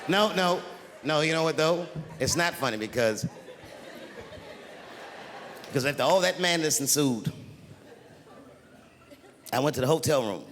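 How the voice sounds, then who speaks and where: A man telling a story in live stand-up, in a lively voice that swings from hushed asides to loud bursts. His voice rings through a big hall with a long echo. An audience and faint ambient noise hum under him. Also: on the high side, measured pace, long pauses, some chatter behind. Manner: animated, swings from shouting to hushed confiding. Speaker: stand-up comedian. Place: large theater stage. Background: audience laughter.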